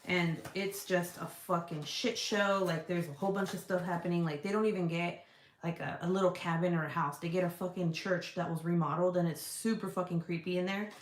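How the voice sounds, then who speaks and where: A woman's voice: fairly low pitch, steady tone, fairly quick, reverberant, slight background noise. A woman hosting a casual livestream, chatty and profane as she answers viewer comments. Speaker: livestream host selling scented products. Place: indoor room.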